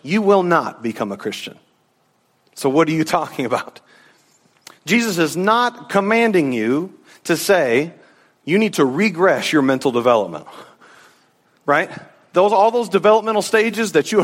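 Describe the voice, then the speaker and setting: A man's voice: on the high side, moderate pace. Preaching man in a reverberant sanctuary. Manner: animated preaching, acting out the disciples in a casual voice. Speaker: pastor. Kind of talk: sermon. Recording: long hall reverb.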